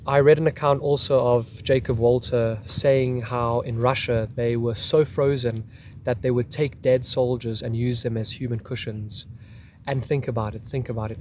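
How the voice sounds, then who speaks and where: A man's voice: medium pitch, steady tone, moderate pace, a little mellow, a little hiss or hum. A man hosting a history video, talking casually and reading out a soldier's account. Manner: chatty, repeating "crazy, hey?".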